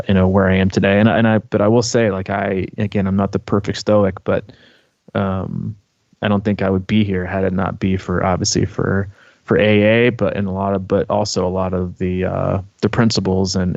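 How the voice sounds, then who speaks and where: A man's voice: low voice, gravelly, no echo, highs cut off. Rambling man telling a story. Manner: rambling, animated storyteller with many fillers and restarts. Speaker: podcast co-host. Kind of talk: casual storytelling chat.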